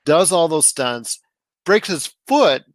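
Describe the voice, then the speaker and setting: A man's voice: a little high, sing-song, no echo. A man co-hosting a podcast, chatting casually and enthusiastically about movies he loved. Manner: enthusiastic, emphatic, drawn-out phrasing. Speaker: podcast co-host. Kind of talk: casual movie review chat.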